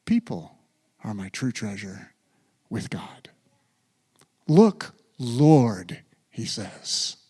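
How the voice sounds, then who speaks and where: A man's voice: lowish voice, big pitch swings, takes it slowly, dark tone, slightly rough. A male pastor preaching a sermon in a church, with a dramatic delivery that sinks to near whispers. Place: church sanctuary.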